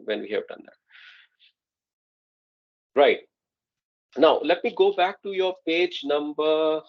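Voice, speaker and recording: A man's voice: fairly high pitch, darkish tone, highs cut off. A man teaching an Arabic grammar class online, explaining patiently and often checking that students follow.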